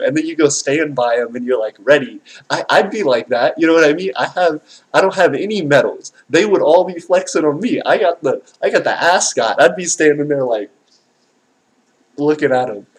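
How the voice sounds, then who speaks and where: A man hosting a live stream, reacting with animated, slangy, excitable chatter and reading out viewer comments. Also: a little high, normal speed, low-quality recording. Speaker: livestream host.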